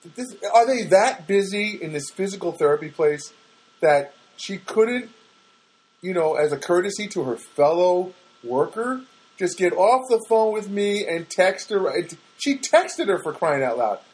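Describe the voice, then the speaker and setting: A man's voice: high voice, animated, measured pace, darkish tone, rough recording. Rambling, exasperated male podcaster. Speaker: solo podcaster. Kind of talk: casual monologue. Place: small studio apartment, alone.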